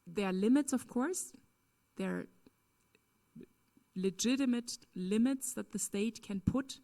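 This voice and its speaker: A woman's voice: fairly high pitch, takes it slowly, dark tone. A woman speaking at a conference, answering a question in an earnest, emphatic way with frequent "um" and "you know". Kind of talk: lecture Q&A answer.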